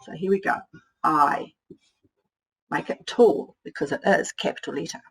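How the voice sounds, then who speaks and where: A woman teacher, slowly sounding out words and thinking aloud as she models writing for young children. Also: deep voice, vocal fry, husky, poor audio. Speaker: primary school teacher.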